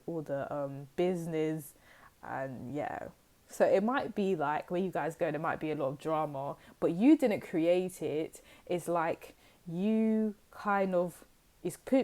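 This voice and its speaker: A woman's voice: sits low, dark tone. A woman giving a casual, rambling tarot reading to her viewers, full of fillers and asides. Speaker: tarot reader.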